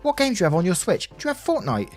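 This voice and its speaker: A man's voice: high voice, huge pitch swings, rapid-fire, soft background music, voice pushed up. A man voicing a whiny, demanding young boy.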